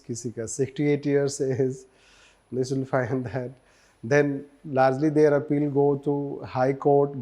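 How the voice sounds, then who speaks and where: Male teacher, Indian English accent, mid pitch, warm mellow tone, repetitive wry lecturing. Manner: repetitive, mixes Hindi with English, wry asides.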